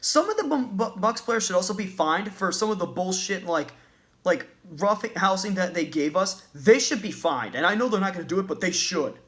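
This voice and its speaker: A man's voice: high voice, animated, normal speed, a bit bright. Agitated, swearing man ranting. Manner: profane, agitated, repetitive. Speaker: basketball fan. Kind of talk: sports rant vlog.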